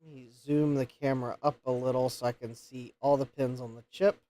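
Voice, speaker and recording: A man's voice: medium pitch, level tone, brisk, mellow, no room sound. A man hosting a live repair stream, thinking aloud and counting pins as he checks a circuit board. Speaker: host of a retro computer repair livestream.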